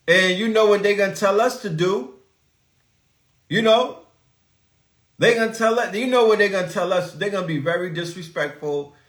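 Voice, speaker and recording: A man's voice: fairly high pitch, a bit bright, roomy sound. A man hosting a live stream, ranting in a preachy, profane way and asking rhetorical questions. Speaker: podcast host.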